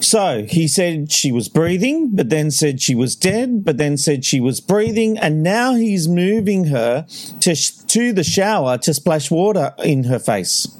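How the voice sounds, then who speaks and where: Man co-host with a slightly high voice. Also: big pitch swings, unhurried, darkish tone. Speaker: podcast co-host. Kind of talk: casual narration and analysis.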